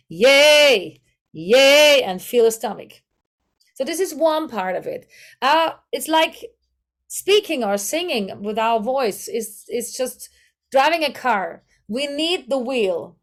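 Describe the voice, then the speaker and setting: A woman with a German accent teaching a voice workshop, searching for English words and demonstrating vocal exercises. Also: high-pitched. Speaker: voice coach.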